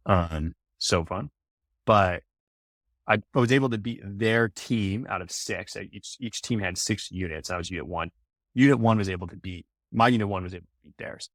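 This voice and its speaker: A man with a lowish voice, talking loosely as a podcast guest. He winds through his stories with plenty of "like" and "you know." The sound is dry and close. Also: normal speed, fairly bright tone, no room sound. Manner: rambling storyteller, lots of fillers. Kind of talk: casual podcast chat.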